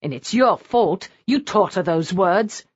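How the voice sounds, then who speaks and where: A woman narrator voicing a hot-tempered, whiny young man who shouts and grumbles. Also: mid-range voice, lively intonation, unhurried, dry recording, dull audio. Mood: indignant. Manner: blustering, whiny.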